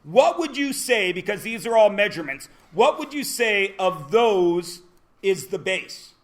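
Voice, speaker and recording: A man's voice: high voice, very animated, measured pace. A man teaching a classroom lesson, joking and quizzing his students as he goes. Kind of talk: classroom lecture.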